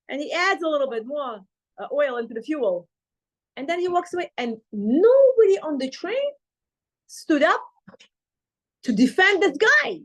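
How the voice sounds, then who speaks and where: A woman teaching a Torah class, retelling a story with lively acted-out dialogue. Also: sits high, normal speed. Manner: animated retelling, acting out quoted dialogue.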